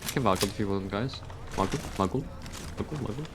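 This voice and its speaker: A man's voice: fairly low pitch, animated, fast, very noisy. A man playing a shooter game with friends, teasing and giggling in casual banter between callouts. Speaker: teammate in a streamed game.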